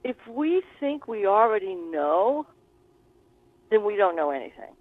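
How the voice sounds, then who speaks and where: A woman's voice: medium pitch, very animated, a little slow, no echo. A woman guest and spiritual author, explaining her ideas in an earnest, expansive conversational way, with plenty of examples. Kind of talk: conversational teaching. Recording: tinny phone-like call line.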